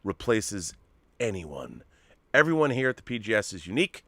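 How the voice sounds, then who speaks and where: Bright, emphatic man on a live stream. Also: on the low side, moderate pace, dry recording. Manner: animated, emphatic, swears freely. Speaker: co-host. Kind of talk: casual live-stream chat.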